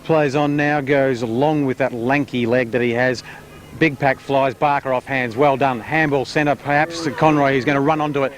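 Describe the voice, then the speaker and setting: A man's voice: medium pitch, normal speed, slight background noise. A man giving chatty colour and play-by-play commentary at an amateur football match. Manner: chatty, builds excitement calling play.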